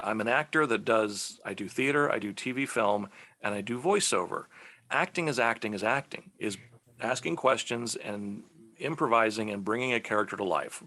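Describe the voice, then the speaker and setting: A man from Texas, a guest voice actor, telling lively stories in a casual interview and slipping into the voices of people he quotes. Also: on the low side. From Texas, USA.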